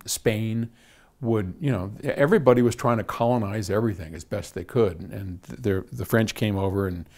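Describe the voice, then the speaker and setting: An older American man answering a viewer's question in a casual, chatty way, laughing at himself and often restarting his sentences. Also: on the low side. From United States. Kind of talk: casual video Q&A.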